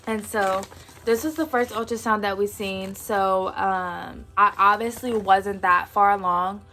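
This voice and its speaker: A woman's voice: mid-range voice, steady tone, measured pace, pushed and bright. A woman in her twenties telling a personal story in a casual, slangy way, acting out what people said. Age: 20s. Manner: chatty, slangy, acts out quotes. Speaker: vlogger.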